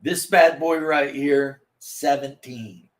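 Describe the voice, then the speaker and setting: A man hosting a casual livestream, talking slowly and rambling with many fillers and restarts. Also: medium pitch, fairly even intonation. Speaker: livestream host.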